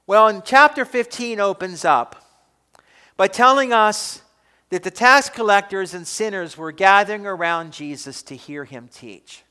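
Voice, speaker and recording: A man's voice: high voice, a little slow, pushed and bright, clear, resonant tone, long reverb tail. A man preaching a sermon, emphatic, asking his listeners questions. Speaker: pastor.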